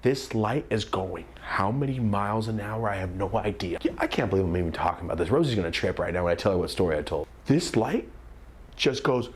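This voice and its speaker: A young man in his twenties, a comedian, telling a story with lots of energy, sometimes shouting out lines. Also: fairly low pitch, brisk. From California. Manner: animated, screams and shouts quoted lines.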